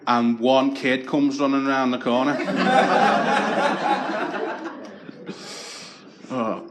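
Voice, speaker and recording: A man's voice: medium pitch, expressive, drawn-out words, pauses often, fairly bright tone. A young man doing stand-up comedy, telling crude stories in a dry, anecdotal way.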